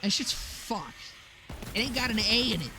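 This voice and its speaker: Profane, animated young man streaming. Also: sits high, measured pace, soft background music. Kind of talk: casual game-stream chat.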